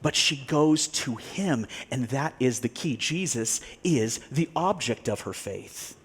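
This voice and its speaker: A male pastor preaching a sermon, telling a story with animated delivery, acting out the people he quotes and laughing now and then. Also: mid-range voice, takes it slowly, husky.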